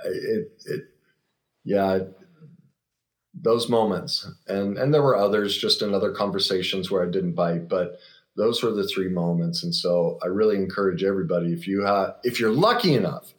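Middle-aged man, low voice, earnest, reflective, halting, personal storytelling. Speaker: guest.

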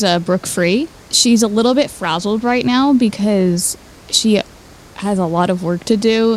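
A woman's voice: lowish voice, a little mellow, slight background noise. Casual woman player in a tabletop game. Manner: casual, describing her character.

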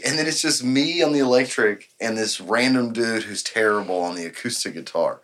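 A podcast guest tells a rambling bar story, acting out everyone else's lines and laughing often. His voice is mid-range and a bit bright, moving a little fast with hardly any pauses.

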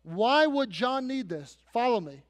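A man preaching a sermon as pastor, telling the story dramatically, dropping soft and then building to loud emphasis. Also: extremely high pitch, animated, measured pace. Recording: long reverb of a large hall.

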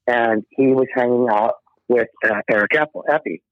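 A man's voice: medium pitch, normal speed, no echo. Heartfelt musician man on a tinny phone. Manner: rambling, heartfelt, many restarts. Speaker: musician guest. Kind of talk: emotional storytelling interview.

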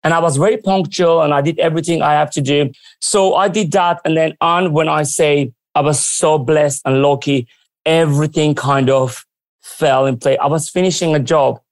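A man telling stories from his working life in a lively, animated way, often acting out what others said. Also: fairly high pitch, normal speed, no room sound. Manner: lively, acts out quoted dialogue. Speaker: guest. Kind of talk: casual storytelling.

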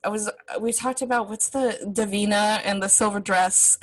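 A woman's voice: medium pitch, fairly even intonation, moderate pace, low-quality recording. A woman co-hosting a podcast in casual chat, talking with many fillers and restarts. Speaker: podcast co-host.

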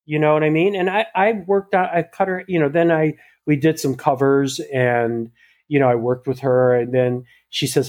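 A man's voice: fairly high pitch, moderate pace. A man, a hairstylist, telling a story casually in an interview and acting out both sides of the conversation, with many fillers and restarts. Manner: animated retelling that acts out both sides of a dialogue; frequent "you know" fillers and restarts.

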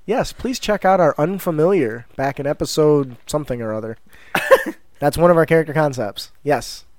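A man co-hosting a tabletop gaming podcast in casual chat, animated and laughing, slipping into quick character voices. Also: on the high side. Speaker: podcast co-host.

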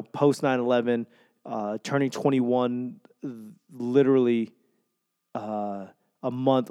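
Guy hosting his own podcast solo, rambly and mushy, swears a lot, clear smooth voice, dead dry sound. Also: medium pitch, a little mellow, dry recording. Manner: rambling, sentimental, swears casually, self-mocking. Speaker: podcast host.

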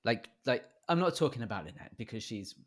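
Wry, expressive man podcast co-host. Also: medium pitch, brisk. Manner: wry, playful, laughs often. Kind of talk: casual chat.

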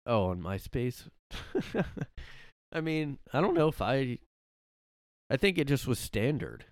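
A man's voice: mid-range voice, big pitch swings, slow pace, no echo, studio quality. A man rambling through a casual solo podcast from his room, full of fillers and restarts. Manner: rambling, lots of fillers and self-corrections, laughs often. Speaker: podcast host. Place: home room.

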